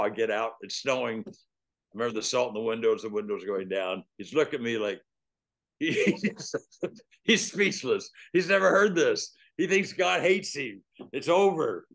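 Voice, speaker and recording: Older man telling lively faith stories. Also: medium pitch, moderate pace, pauses often. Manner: animated, laughs often while telling stories. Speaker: guest evangelist. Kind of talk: storytelling testimony.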